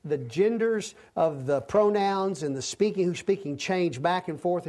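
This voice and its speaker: Guy with a high voice teaching bible class, chatty, keeps restarting sentences. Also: a little mellow. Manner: conversational, with frequent restarts. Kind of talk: Bible study lecture.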